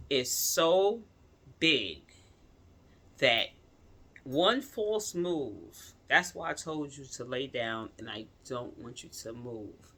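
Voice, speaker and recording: A woman casually telling her viewers a personal story in slangy speech, swinging from loud outrage to quiet pleading. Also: rumbling low. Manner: slangy, addresses viewers as y'all.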